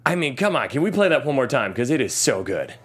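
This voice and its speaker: A man with a medium-pitched voice talks fast while hosting a casual podcast. He recaps and reviews an action movie as an animated storyteller, cracking jokes and quoting lines and clips.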